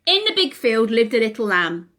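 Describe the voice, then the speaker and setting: A woman leading a children's session, reading a picture book aloud in an animated, sing-song way and asking the children questions. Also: on the high side, moderate pace. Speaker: children's class leader. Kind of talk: reading a story to young children.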